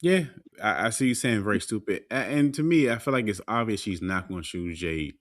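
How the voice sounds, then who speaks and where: A man's voice: on the low side, lively intonation, a little fast, fairly bright tone, no echo, clean studio sound. A man co-hosting a podcast in casual chat, blunt and emphatic, often repeating himself. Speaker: podcast co-host.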